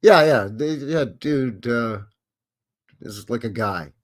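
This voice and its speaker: A man's voice: mid-range voice, slow pace. A man from Canada, hosting a live stream in a rambling chat that acts out quoted voices and answers viewers. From Western Canada. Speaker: livestream host.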